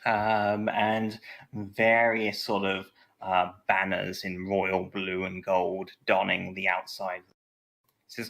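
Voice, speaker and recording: Low bright-voiced guy running a tabletop game, lots of ums and sort-ofs. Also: monotone, slow, creaky. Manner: hesitant, many fillers and "sort of". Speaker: game master.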